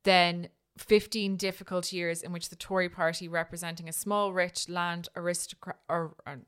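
A woman's voice: fairly low pitch, little pitch movement, normal speed, clean tone. A woman co-hosting a podcast, telling a history story in a chatty way, often restarting and tagging lines with "right?". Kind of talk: casual storytelling chat.

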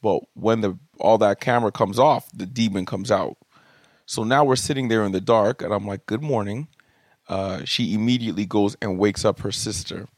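A young adult man hosting a podcast, telling comic stories about his kids in an animated, jokey way and swearing casually. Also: lowish voice, normal speed, no room sound, studio quality. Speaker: podcast host. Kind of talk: comedic storytelling monologue. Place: home studio room.

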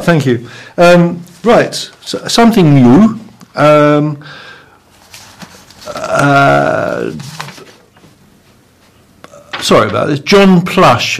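A man hosting a casual gathering, telling an old joke and introducing a report in a hesitant, halting way. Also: mid-range voice. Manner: hesitant, halting, full of pauses. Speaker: host. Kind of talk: casual group presenting.

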